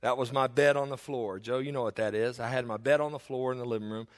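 A man's voice: medium pitch, fairly even intonation, quick pace. A middle-aged man, preaching a sermon as pastor and telling homespun stories with many restarts and asides. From Eastern Kentucky.

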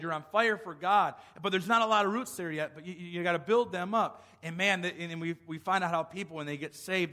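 A man's voice: a little high, pushed and bright. A male pastor preaching a sermon, emphatic, asking rhetorical questions and restarting phrases as he goes. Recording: long hall reverb.

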